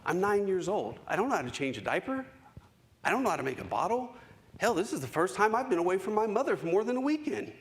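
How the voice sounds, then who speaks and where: A man in his forties giving a keynote speech, telling a personal story with dramatic pauses and emphasis. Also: high-pitched, sing-song, a little hiss or hum. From United States. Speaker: keynote speaker. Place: conference hall stage.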